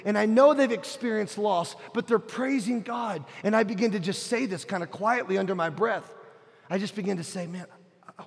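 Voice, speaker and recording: A middle-aged man preaching a sermon, telling a personal story earnestly, dropping to a hush and rising to a shout. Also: high-pitched, gravelly. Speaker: pastor. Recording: long hall reverb.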